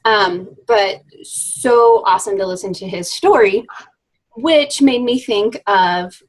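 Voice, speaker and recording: A woman's voice: mid-range voice, takes it slowly, poor audio. A woman in her thirties coaching her team in a casual live video chat, chatty and upbeat with many fillers.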